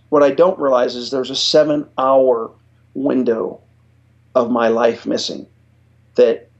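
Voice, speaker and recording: A middle-aged American man speaks as a guest, recalling events in an earnest, halting way. He often stumbles and repeats words as he works through the memory. His voice sits at an ordinary male pitch, and the recording sounds slightly dull and lo-fi. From United States. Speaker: podcast guest, retired Air Force chief master sergeant. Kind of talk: personal storytelling in an interview.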